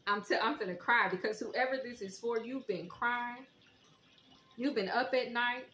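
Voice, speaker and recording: A woman giving a heartfelt spiritual tarot reading, talking straight to her viewers in a preacherly way and sometimes softly singing. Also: fairly high pitch, a little fast. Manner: emotional, preacherly, breaks into soft song. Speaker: tarot reader. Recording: echoey room with faint noise.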